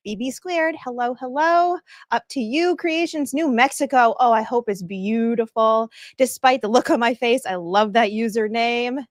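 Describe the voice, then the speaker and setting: A bubbly young woman hosts a live stream, greeting her viewers one by one with plenty of laughs. Her voice sits high and bright, and the sound is close and dry, with no room around it. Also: no room sound. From northeastern United States. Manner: bubbly, greets chat by name, laughs often. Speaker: livestream host. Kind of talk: casual livestream chat.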